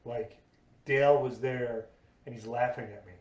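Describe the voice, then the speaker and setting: A man hosting a casual podcast chat, telling his own stories in a lively way. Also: mid-range voice, normal speed, recorded from a distance. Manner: lively storyteller, acts out quoted voices. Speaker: podcast host. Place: podcast table in a room. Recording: echoey room, voice a bit off-mic.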